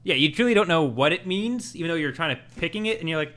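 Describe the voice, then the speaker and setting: Bright, animated male podcast co-host. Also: high-pitched. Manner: animated, acts out game dialogue in quick voices. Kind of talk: casual chat.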